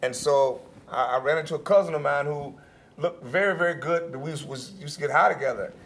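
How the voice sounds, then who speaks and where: A male panelist telling a candid personal story, laughing and acting out quotes in a high voice. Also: a little fast, a bit bright.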